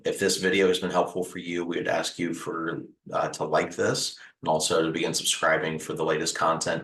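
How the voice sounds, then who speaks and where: In an echoey room on a low-quality recording, a deep-voiced male host offers house fire recovery advice directly to camera. He sounds earnest, gentle and reassuring, leaning on repeated phrases and occasional "uh" fillers.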